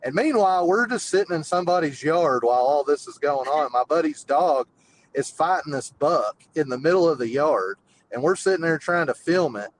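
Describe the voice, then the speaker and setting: A man's voice: a little high, lively intonation, moderate pace, a little hiss or hum, low-quality recording. A man calls in and tells a long, rambling story full of fillers. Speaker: caller. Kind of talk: casual storytelling.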